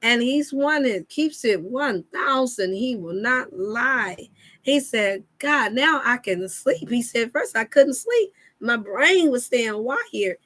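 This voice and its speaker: A woman's voice: a little high, animated, takes it slowly, fairly bright tone. A woman hosting a casual wellness live chat, talking to viewers in a folksy, preachy way. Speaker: wellness show host.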